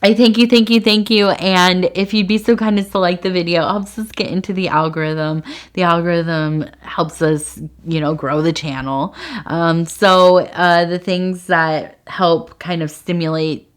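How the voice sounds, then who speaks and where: A woman's voice: on the low side, fairly even intonation, unhurried, clear, resonant tone. A woman reading tea leaves for her viewers, rambling and hesitant, earnest and affectionate, close to tears. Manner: rambling and hesitant, many fillers. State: emotional, on the verge of tears. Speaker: tea leaf reader. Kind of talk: casual spoken sign-off to viewers.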